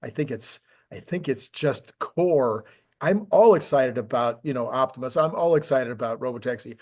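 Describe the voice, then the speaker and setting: A man's voice: medium pitch, lively intonation, moderate pace, darkish tone. A man co-hosting a casual tech discussion, enthusiastic and rambling, with frequent restarts. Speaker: podcast co-host.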